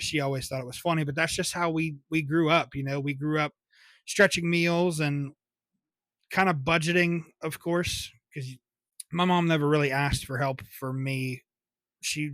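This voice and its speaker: On this podcast, a young male host tells loose, rambling childhood stories, laughing and swearing along the way. His voice runs high and fairly bright, with no echo in the recording.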